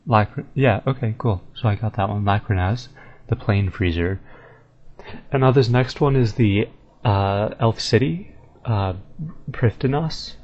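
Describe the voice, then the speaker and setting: A man with a lowish voice talks casually over gameplay, thinking aloud and slowly testing out odd names. The recording is dull and lo-fi with a faint hiss behind him. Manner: relaxed, thinking aloud, tries out words slowly. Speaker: video game guide maker.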